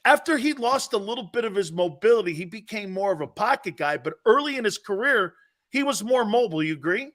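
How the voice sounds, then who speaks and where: A middle-aged man hosting a sports talk show, brash and quick to laugh, swearing freely as he talks football. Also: high-pitched, expressive, a bit bright.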